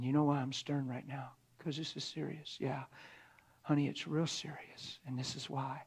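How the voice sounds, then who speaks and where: A middle-aged man delivers a conversational sermon in a fairly high voice. He talks to the room like a friend, then sinks into a hushed whisper to drive a point home. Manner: conversational preaching, drops to a hushed whisper for emphasis. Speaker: preacher.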